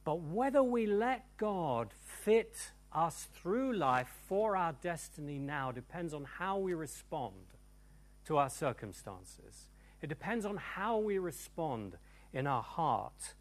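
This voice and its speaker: Male pastor, live sermon to a congregation, high voice, very expressive, big swings from shouts to near-whispers. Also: slow pace. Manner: animated and emphatic, swinging from loud cries to hushed tones. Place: church service before a congregation.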